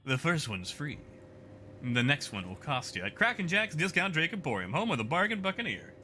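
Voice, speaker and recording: A man's voice: very animated, a little fast, pushed and bright, slight background noise. A man doing a pushy bargain ship salesman. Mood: salesy. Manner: salesy pitch.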